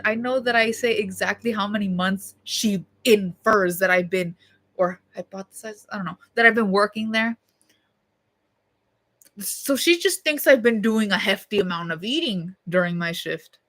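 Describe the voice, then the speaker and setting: A young woman with a bright, forceful voice tells a story on her livestream. She rants in a loose, profane, blunt way, full of "like" and "y'all." Her delivery stays casual and fired up. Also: mid-range voice, unhurried. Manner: heated, profane and blunt, with lots of fillers.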